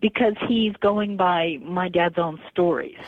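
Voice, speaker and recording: A woman's voice: fairly low pitch, measured pace, dry recording. A woman guest, an author and historian, chatting in an interview and filling her talk with "you know" asides. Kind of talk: casual phone interview. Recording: dry, tinny phone line.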